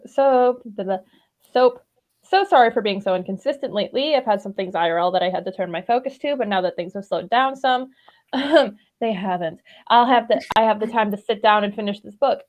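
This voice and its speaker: A woman's voice: medium pitch, a little mellow. A woman chatting casually on a livestream, reading out her own author's note with light self-deprecating asides. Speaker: fan fiction author reading with friends.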